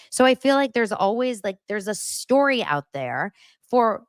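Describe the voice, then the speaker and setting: A young adult woman hosting a casual celebrity gossip show, chatty and animated, jumping between stories with quick asides. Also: fairly high pitch, dry recording, studio quality. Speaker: host.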